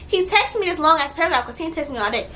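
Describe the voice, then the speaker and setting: A young adult woman telling a story on her vlog, blunt, profane and animated, her voice swinging louder at times. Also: high-pitched, rapid-fire, slight background noise. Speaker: vlogger.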